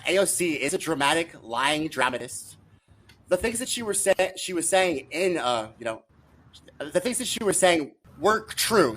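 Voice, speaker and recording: A man's voice: a little high, fairly bright tone. A man appearing as a guest on a political chat podcast, teasing the host and arguing his points. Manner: teasing, argumentative.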